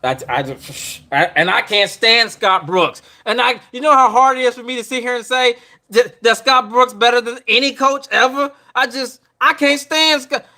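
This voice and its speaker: A man with a high, bright voice rants on his podcast stream about a coach he can't stand. His delivery is rambling and exasperated, full of repeats and half-finished thoughts as he vents. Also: normal speed. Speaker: podcast host. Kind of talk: ranting live stream sports talk.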